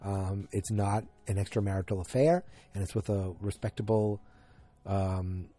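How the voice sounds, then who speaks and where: A man casually recapping a TV episode, rambling with ums and self-corrections, now and then breaking into animated mock anger. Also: on the low side, normal speed.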